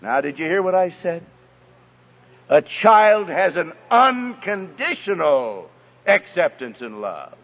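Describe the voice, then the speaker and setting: Husky, high-voiced man preaching to parents. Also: very animated, measured pace. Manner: emphatic, storytelling, addresses the audience directly. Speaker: speaker addressing parents. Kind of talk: sermon-style talk with a personal story. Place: hall with an audience. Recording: echoey hall, dull lo-fi sound.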